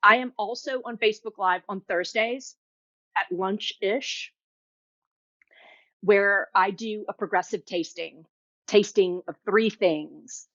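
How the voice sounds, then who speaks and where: A woman's voice: medium pitch, slow pace, a bit bright, no echo, muffled recording. A woman hosting a live cooking demo, chatty and enthusiastic, tasting food as she talks. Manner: chatty and enthusiastic, tastes while talking. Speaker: cooking show host.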